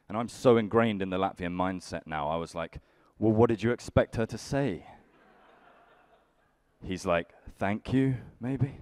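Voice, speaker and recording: A young British man doing a stand-up comedy set on a conference stage, with a dry, self-deprecating, deadpan delivery. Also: low-pitched, clean tone, dry recording. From United Kingdom. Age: young adult. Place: conference stage before a live audience.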